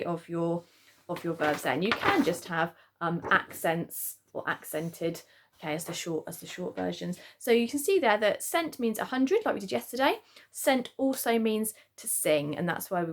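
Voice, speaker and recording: A woman leads a children's spelling lesson from home, in a friendly and patient way. Her voice sits a little low and carries a gravelly fry. She checks in often with a quick "okay?" as she explains. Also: a little hiss or hum. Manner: chatty explanations, frequent "okay?" check-ins. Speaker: primary school teacher.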